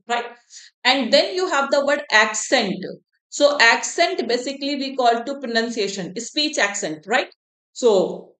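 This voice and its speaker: Indian lady tutor, talks really fast, kinda high voice, echoey room, keeps asking okay?. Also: fairly bright tone. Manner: switches between English and Hindi, checks in with "okay?". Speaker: English teacher for exam prep. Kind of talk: online exam-prep class.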